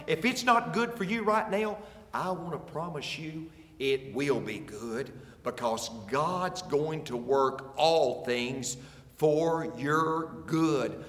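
Male pastor preaching, slow and animated, bright voice, big echoey church hall. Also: on the high side, far from the mic. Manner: animated preaching with stammered restarts and chuckles. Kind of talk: sermon. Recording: echoey hall with long reverb.

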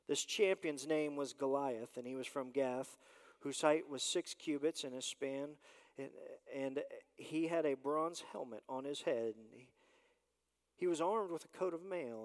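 A man preaching a sermon as pastor, animated and rising and falling in volume as he reads scripture and addresses the congregation. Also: fairly high pitch. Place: church sanctuary. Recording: long church reverb.

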